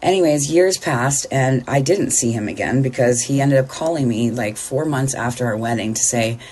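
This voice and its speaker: A woman's voice: very deep voice, moderate pace, hardly any pauses, darkish tone. A middle-aged woman telling a personal story in a candid, blunt way, swearing freely.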